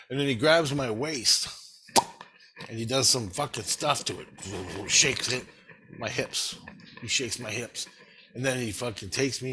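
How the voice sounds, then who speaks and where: A man telling a rambling, profane story in a casual monologue, laughing and animated as he retells it. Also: medium pitch, husky.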